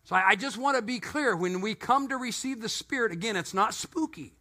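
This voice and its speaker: A middle-aged male pastor preaching a sermon in a church, telling stories with animated energy and joking asides. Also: high voice, a little fast, gravelly.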